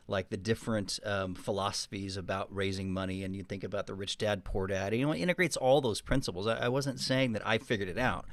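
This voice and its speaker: A man from Texas with a light Texan accent, co-hosting a casual podcast with relaxed, rambling storytelling. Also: fairly low pitch, no echo. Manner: easygoing, storytelling, rambling asides. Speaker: podcast co-host.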